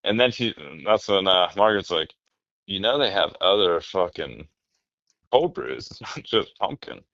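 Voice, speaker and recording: A man in casual podcast chat, telling rambling, animated stories and swearing often. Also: sits low, normal speed, dry recording, muffled recording.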